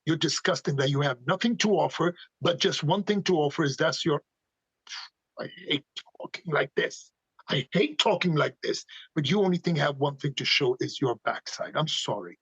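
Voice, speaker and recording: A man's voice: on the high side, lively intonation, a little fast, few pauses, a bit bright, breathy edge, no room sound, highs cut off. A man speaking passionately as a podcast guest, firing off emphatic rhetorical questions. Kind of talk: animated conversational opinions.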